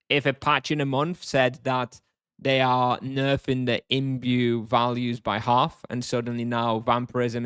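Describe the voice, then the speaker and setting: Relaxed man streamer chatting with viewers. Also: mid-range voice, smooth, dry recording, studio quality. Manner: relaxed, thinks aloud with fillers and restarts, chuckles often. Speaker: game streamer. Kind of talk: casual live-stream chat, answering chat questions.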